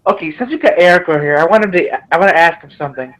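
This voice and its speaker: A man's voice: fairly high pitch, animated, very fast, fairly bright tone, dull audio. A man on a drunk group stream, talking hyper and crude, with lots of laughing and stammering. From Michigan. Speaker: stream guest. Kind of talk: drunk casual chat.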